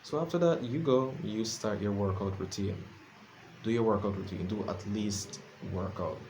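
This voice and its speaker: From his room at home, a tired vlogger rambles casually late at night, self-deprecating and constantly restarting amid fillers. His fairly low, slightly mellow voice moves at a moderate pace, with a little hiss or hum on the recording.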